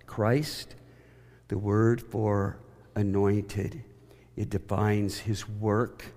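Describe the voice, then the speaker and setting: A man from Oklahoma preaching a sermon, emphatic, moving between loud declarations and quiet asides. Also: lowish voice, little pitch movement, drawn-out words. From Oklahoma, USA. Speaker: pastor.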